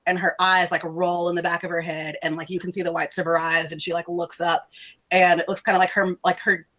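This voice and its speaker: A woman's voice: fairly low pitch, flat delivery, brisk, sharp tone. A woman game master narrating a tabletop game in a loose, conversational way. She rambles casually, filling her sentences with "like" and breaking into laughter. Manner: loose, chatty, full of "like" and laughs.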